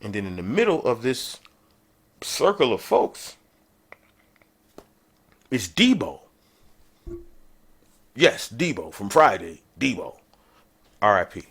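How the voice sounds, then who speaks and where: A man hosting a podcast, telling a travel story in a casual, animated storytelling way. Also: slow, long pauses, slightly rough. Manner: animated, conversational, jumps in pitch for emphasis. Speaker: podcast host.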